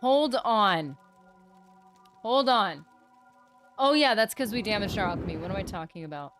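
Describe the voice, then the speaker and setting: A woman streaming a video game live, chatting casually, reading chat aloud and breaking into excited bursts. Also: medium pitch, normal speed, faint music behind. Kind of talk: live gameplay commentary.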